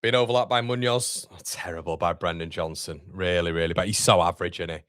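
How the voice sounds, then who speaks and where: A man's voice: low voice, steady tone, quick pace, a bit bright, clear, resonant tone, no room sound, studio quality. A young man hosts a live football watchalong. He chats casually, reads viewer comments aloud and calls people mate. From Yorkshire, England. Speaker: watchalong streamer.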